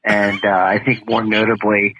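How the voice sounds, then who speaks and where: A man's voice: lowish voice, level tone, moderate pace, sharp tone, slight background noise. A man leaving a rambling, playful voicemail for a podcast, full of "uh" fillers. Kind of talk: casual voicemail message. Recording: lo-fi voicemail audio.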